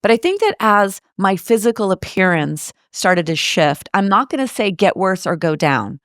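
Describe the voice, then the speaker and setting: A woman's voice: mid-range voice, sing-song, normal speed, fairly bright tone, no echo, clean studio sound. A woman in her late fifties from the United States, chatting animatedly as an interview guest and telling stories with rhetorical asides. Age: 50s. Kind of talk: casual interview conversation.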